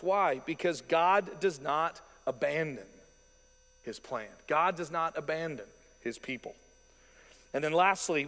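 A male pastor delivers a sermon in an animated, conversational style, slipping into asides and quick quoted voices. His voice sits slightly high for a man. A long hall reverb trails every phrase.

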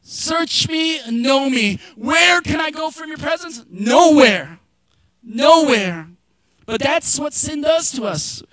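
A middle-aged man preaching in a high, bright voice. He talks like he is chatting with friends and cracks jokes, then pushes up into shouted emphasis. The sound is dry and close, with no room in it. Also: unhurried, hardly any pauses, no echo. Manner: conversational and joking, rising to shouted emphasis. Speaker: pastor. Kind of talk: sermon.

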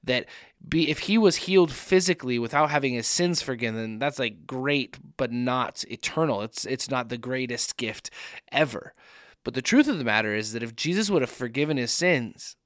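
Man, preacher, earnest sermon, repeated rhetorical questions, mid pitch, dry close recording. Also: expressive, moderate pace, a bit bright, no room sound. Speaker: young adult ministry speaker. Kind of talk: podcast sermon.

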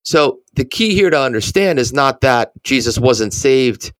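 A man's voice: medium pitch, expressive, a little slow, fairly bright tone, dry recording. A man co-hosting a ministry podcast, talking earnestly through Bible passages with frequent restarts. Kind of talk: conversational Bible teaching.

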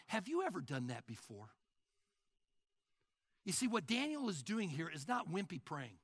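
Animated older male preacher. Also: high-pitched, moderate pace, gravelly, dry recording, studio quality. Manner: animated preaching, acts out mock prayers. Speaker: pastor. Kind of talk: sermon.

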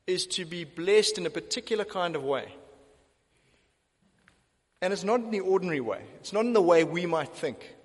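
A man preaching a sermon, emphatic and deliberate, repeating key phrases for stress. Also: sits high, husky, big-room sound.

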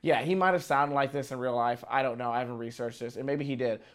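Guy film critic chatting casually, strong opinions, keeps restarting sentences, mid-pitch voice. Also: steady tone, clean tone. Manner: opinionated, emphatic, talks in quick restarts. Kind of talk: casual podcast conversation.

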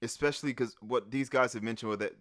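A man who works as a vocal coach, co-hosting a casual advice chat, animated and laughing easily. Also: quick pace, no room sound, clean studio sound. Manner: animated, laughs easily, sings bits in falsetto. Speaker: podcast co-host.

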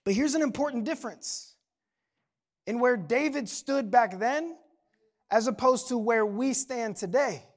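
A young adult pastor preaching a sermon in a church service, talking casually and then building to impassioned shouting. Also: mid-range voice, unhurried.

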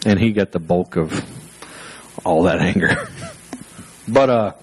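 A man's voice: low-pitched, animated, slow pace, a little hiss or hum, rough recording. A male pastor preaching a sermon through personal stories, conversational and self-deprecating, with fillers and restarts.

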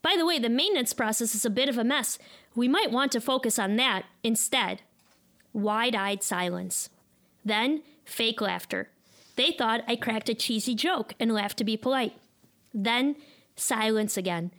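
A woman's voice: a little high, a little slow, a bit bright. A woman in her thirties with a Chicago accent, telling a personal story live in a candid, self-deprecating, wry way. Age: 30s.

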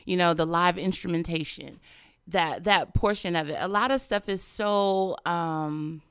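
A woman hosts a radio show, chatting playfully and breaking into laughter. Her voice is smooth and resonant. It sounds close and dry, as if spoken into a studio mic. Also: lowish voice, unhurried, no room sound. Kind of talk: casual radio chat.

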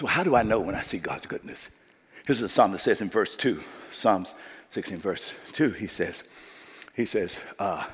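A man preaching a sermon as pastor, working up to shouts and calling on the congregation to answer. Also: mid-range voice, slightly rough, in a large hall. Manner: preaching with rising shouts and call-and-response. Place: church sanctuary.

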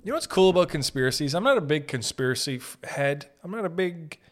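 A man's voice: fairly high pitch, expressive, fast. Rambling, profane male podcast host. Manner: rambling, profane, self-interrupting, mock voices. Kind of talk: casual rambling comedic monologue.

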